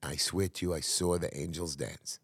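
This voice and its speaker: Elderly survivor father voiced by a man, solemn and insistent, low voice, dry close recording. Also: fairly even intonation, moderate pace, husky, no room sound.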